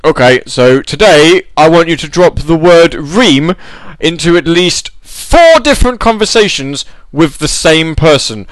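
A man putting on a bossy TV producer who gives flat, quiet instructions. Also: a little high, measured pace, hardly any pauses, no echo, low-quality recording. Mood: instructing.

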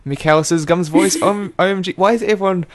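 The voice sits high and steady, brisk in pace, with a little hiss or hum in the audio. It belongs to a young man running an online radio show who laughs frequently and fumbles as he reads out chat comments in casual conversation.

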